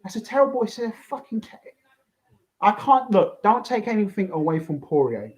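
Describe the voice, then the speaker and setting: A young man hosts a fight reaction with a fairly high voice. He rants and swears, circling back over the same words again and again. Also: sing-song, normal speed, darkish tone, rough recording. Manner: swears a lot, repeats himself, rants. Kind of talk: excited fight reaction commentary.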